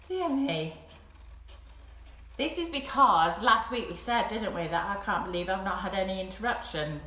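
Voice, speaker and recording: A woman leading a live craft session for young children at home, talking gently and encouragingly. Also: medium pitch, a little hiss or hum. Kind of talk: live-streamed play-along craft session. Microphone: phone camera. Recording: echoey room at home.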